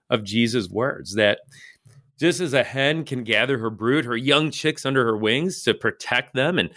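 A man's voice: mid-range voice, a bit bright, dry recording, clean studio sound. A man co-hosting a casual Bible study chat, earnest and reflective, with frequent fillers and restarts. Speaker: co-host discussing Bible passages.

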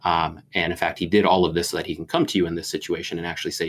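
Male pastor, deep voice, conversational Bible talk, thoughtful and rambling. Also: flat delivery, very fast, hardly any pauses, a little hiss or hum. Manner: reflective, meandering with many fillers.

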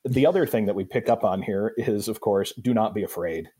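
A man, a pastor, explaining a Bible passage in a thoughtful, unhurried way, often pausing with fillers and restarting sentences. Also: on the low side, mellow, breathy edge. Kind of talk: Bible study discussion.

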